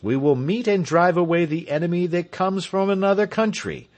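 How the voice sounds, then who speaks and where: A man's voice: high voice, moderate pace, a little mellow, voice pushed up. A man reading the part of William Tell, a resolute heroic marksman, in a stirring, declamatory way for an audiobook. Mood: rousing.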